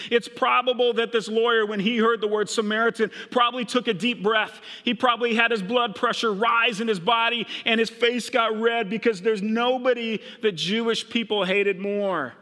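A man's voice: very high voice, fairly even intonation, normal speed, few pauses, sharp tone, big-room sound. A middle-aged man from Minnesota preaching a sermon, retelling a story and voicing the characters' thoughts. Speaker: pastor.

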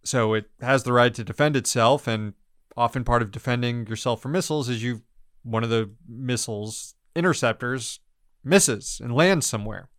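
A man's voice: mid-range voice, moderate pace, fairly bright tone, dry recording, studio quality. A man hosting a podcast, giving blunt, sarcastic commentary on the news with frequent laughs and swearing. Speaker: podcast host.

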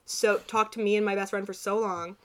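Young woman chatting away, animated storyteller, lots of quick asides. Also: medium pitch. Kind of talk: casual chat.

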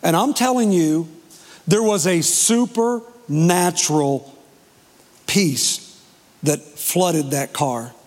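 A man preaching as pastor, telling a personal story emotionally with dramatic pauses. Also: a little high, darkish tone. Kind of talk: testimony sermon. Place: church sanctuary. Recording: long hall reverb.

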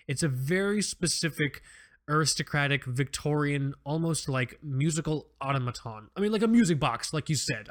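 A man's voice: a little high, fairly bright tone. A man co-hosting a podcast in casual chat, rambling and joking with plenty of restarts and fillers. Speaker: podcast co-host.

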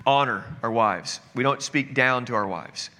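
A man's voice: mid-range voice, a little slow, pushed and bright. Earnest preacher man in a reverberant hall. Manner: earnest, conversational preaching with asides. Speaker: pastor. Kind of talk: sermon. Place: church sanctuary.

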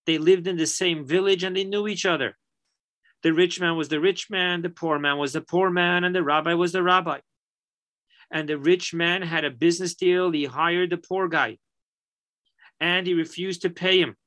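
A man teaching a Torah lesson, an animated and emphatic storyteller. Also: high voice, normal speed.

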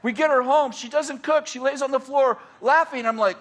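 A middle-aged man, a pastor, telling stories in a casual, animated way and laughing often as he talks. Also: very high-pitched, brisk. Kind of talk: casual storytelling.

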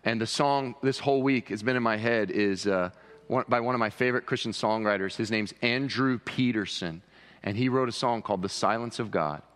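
A man preaching a sermon as pastor, impassioned, often rising high for emphasis. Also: fairly quick, a bit bright. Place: church sanctuary. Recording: long reverb of a church hall.

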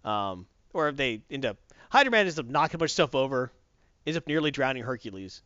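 A man retells a story in a loose, rambling chat, stopping to correct himself. His voice is bright and swings around a lot. The sound is dry and somewhat lo-fi. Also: medium pitch, fairly quick, no room sound. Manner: animated, rambling, self-correcting. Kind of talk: casual story recap.

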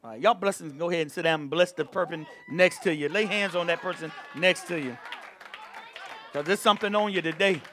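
A man's voice: on the high side, fairly quick, sharp tone, a faint crowd, slight background noise. A man preaching a sermon to a church, repeating phrases and calling on the congregation to answer back. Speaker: pastor.

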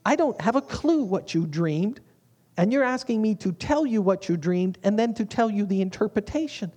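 A man's voice: high-pitched, animated, moderate pace, a little mellow, long reverb tail. A man voicing a baffled royal wise man, exasperated and sarcastic.

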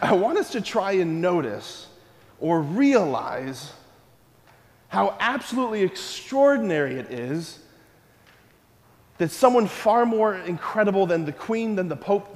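A man who is a priest, giving an animated talk to a live audience and asking them many questions. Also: high-pitched. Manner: animated and playful, full of rhetorical questions. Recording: long reverb of a hall.

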